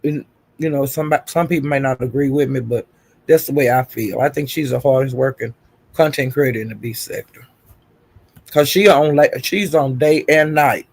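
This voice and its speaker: Male livestream host, gravelly, sassy gossip chat, dry close mic. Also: medium pitch, normal speed, no room sound. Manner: gossipy, greets viewers in chat, calls them honey and child. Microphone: streaming setup.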